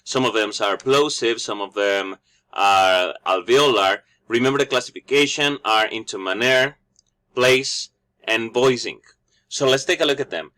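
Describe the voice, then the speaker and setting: A man's voice: mid-range voice, unhurried, sharp tone. A man whose first language is Spanish teaches English phonetics, explaining each sound and repeating every example word after the audio.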